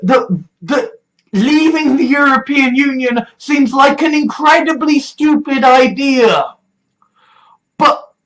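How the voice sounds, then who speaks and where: A young British adult ranting on a political vlog, swearing freely and sarcastic, with a stuffy nose, sometimes rising to a shout. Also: high voice, low-quality recording. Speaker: political vlogger.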